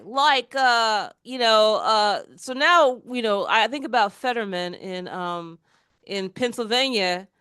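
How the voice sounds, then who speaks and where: A woman hosting a casual political chat, animated and quick to mock the voices she quotes. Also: mid-range voice, clear, resonant tone, no room sound, clean studio sound. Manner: animated, mocking quoted voices, frequent restarts. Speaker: podcast host.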